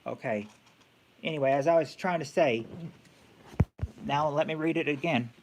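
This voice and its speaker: Halting man hosting a stream game. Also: a little high, noisy background. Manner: halting, thinks aloud with many fillers and restarts. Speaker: game show host on a live stream.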